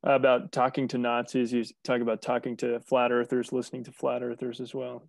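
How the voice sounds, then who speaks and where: A man's voice: medium pitch, completely flat delivery, a little fast, gravelly. A male host asking questions in an interview, hesitant and stumbling over his words.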